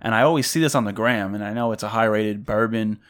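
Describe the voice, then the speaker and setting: A man's voice: fairly low pitch, fast. A man co-hosting a casual podcast, telling stories in an easygoing, laid-back way. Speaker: podcast co-host. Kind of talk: casual chat.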